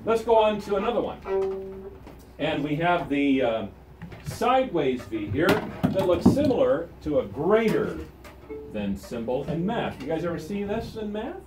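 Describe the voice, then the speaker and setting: Animated male music teacher in an echoey room. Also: a little high, unhurried. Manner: animated, counts the class in, call-and-response drills. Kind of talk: classroom instruction. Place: school music room with string ensemble. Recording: echoey room, recorded from far off, strings playing.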